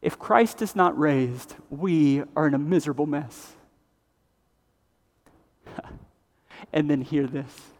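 High-voiced preacher in an echoing hall. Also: male voice, slow, long pauses. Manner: dramatic swings from loud emphatic to hushed and grave. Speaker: pastor. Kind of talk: sermon. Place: church sanctuary. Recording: long reverb of a large hall.

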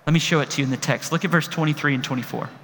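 A man's voice: on the high side, fairly even intonation, very fast, a bit bright, a little hiss or hum. Impassioned male pastor preaching in a hall. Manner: emphatic, building to impassioned peaks. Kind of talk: sermon. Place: large room.

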